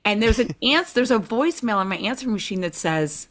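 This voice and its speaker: Woman guest with a Chicago accent, casual storyteller, animated, full of "like", plays out quoted dialogue. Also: mid-range voice, quick pace, few pauses. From Chicago, USA. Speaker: interview guest. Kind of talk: conversational storytelling.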